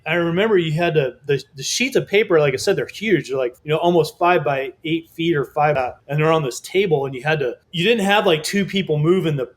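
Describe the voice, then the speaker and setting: A man telling a lively story as a guest in an interview, casual and swearing often, acting out other people's voices. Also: on the high side, fairly quick, hardly any pauses. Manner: animated, swearing, acts out quoted voices. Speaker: guest artist.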